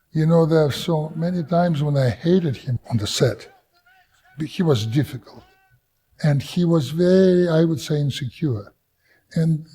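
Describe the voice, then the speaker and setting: A man's voice: fairly high pitch, mellow, slightly rough. A man with a Russian accent, a film director whose first language is Russian, recalling work on a film in an interview and often stopping to search for words. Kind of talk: interview reminiscence.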